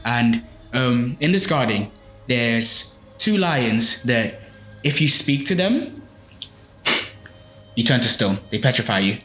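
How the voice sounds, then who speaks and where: Taking it slowly, a man with a medium-pitched, slightly bright voice and lively intonation retells a folk tale for a podcast. His delivery is loose, packed with fillers and restarts, and the room is echoey with faint music behind him.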